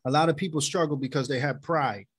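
A man's voice: on the high side, quick pace, slightly rough, no echo, studio quality. A man hosting a casual church podcast, encouraging and affirming his guests. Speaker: podcast host.

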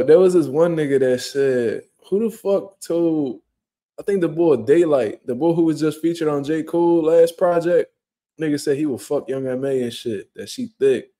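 A young man casually chatting on a livestream at home, reacting to viewer comments with loose, profane slang. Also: medium pitch. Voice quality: profane, laid-back slang-heavy talk. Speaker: livestream host. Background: quiet room at home.

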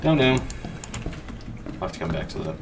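A man's voice: sits low, very animated, a little slow, far from the mic, background noise. A man playing a horror game and thinking aloud as he explores. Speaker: let's play player. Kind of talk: casual gaming commentary.

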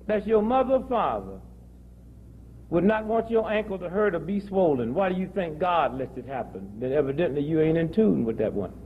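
A man's voice: a little high, big pitch swings, normal speed, phone-quality sound, a little hiss or hum. A man giving a joking, preachy talk to a live audience, telling stories from his own life. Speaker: speaker. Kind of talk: comic health lecture to an audience.

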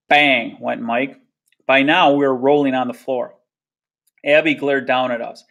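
A man's voice: mid-range voice, fairly even intonation, moderate pace, a bit bright. Man reading a novel aloud. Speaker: reader.

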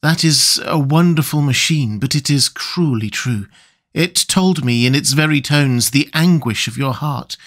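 A man reading an audiobook, voicing an earnest young gentlewoman who speaks gently but with grave resolve. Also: mid-range voice, lightly acted. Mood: tender. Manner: gentle, pleading, steady.

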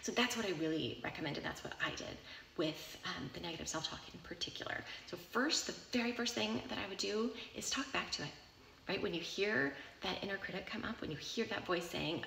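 Gravelly-voiced woman giving reassuring advice. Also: medium pitch, expressive, brisk, echoey room, slight background noise. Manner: warm reassuring, often checks in with "right?" and "okay?". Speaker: self-help author answering a listener question. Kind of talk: casual advice talk.

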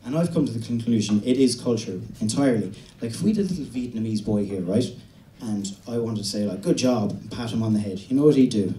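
A young man from the west of Ireland with an Irish accent, doing a stand-up set in a halting, deadpan way with many restarts. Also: on the low side. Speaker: stand-up comedian. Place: comedy venue stage. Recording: roomy venue recording from a distance.

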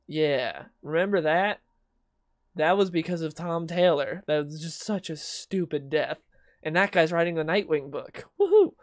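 A man's voice: fairly high pitch, a little slow, no echo. Exasperated ranting man, dry close sound. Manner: sarcastic, exasperated ranting with mocking quoted voices. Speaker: comic book video host. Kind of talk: casual opinion commentary.

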